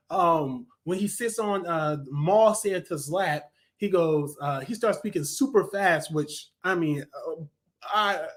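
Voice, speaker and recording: A man with a high-pitched voice chats through a casual cartoon review. He rambles enthusiastically, often pausing with ums and restarting his sentences.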